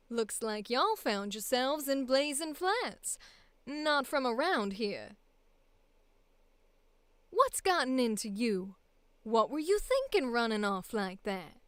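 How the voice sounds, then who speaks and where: A woman voicing a brave, loyal young southern adult for an audition, with a slight roughness in tone. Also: a little high, sing-song, slow, long pauses, a bit bright, no room sound, full character voice. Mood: scolding. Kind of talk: voice acting audition take.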